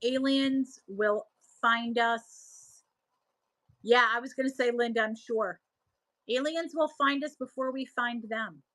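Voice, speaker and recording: A woman's voice: a little high, slow pace, a bit bright, dry recording, rough recording. A middle-aged woman with a Buffalo, New York accent, hosting a casual live stream and chatting through viewer comments. She rambles, trails off and restarts her sentences. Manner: chatty, reads viewer comments aloud and answers them. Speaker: livestream seller host.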